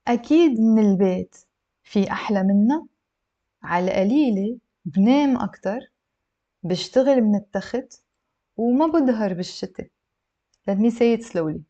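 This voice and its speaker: A woman teaching a spoken language lesson, explaining patiently and repeating phrases slowly for learners to echo. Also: medium pitch, dark tone, lo-fi sound.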